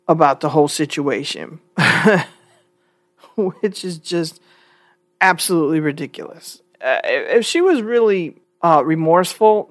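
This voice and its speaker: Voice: mid-range voice, dry recording. A vlogger giving casual commentary, opinionated but hedging, often restarting sentences.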